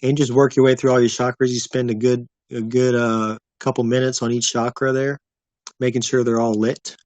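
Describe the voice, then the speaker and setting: Male streamer, mid-pitch, easygoing rambling chat, dry close sound. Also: little pitch movement, moderate pace, darkish tone, no room sound. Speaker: livestream host. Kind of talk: casual livestream chat with viewers.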